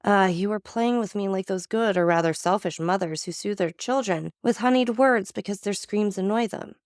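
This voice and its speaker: A woman's voice: medium pitch, normal speed, smooth, no echo, studio quality, natural voice. A woman voicing a young man in despairing grief in a storybook reading, her delivery anguished and pleading.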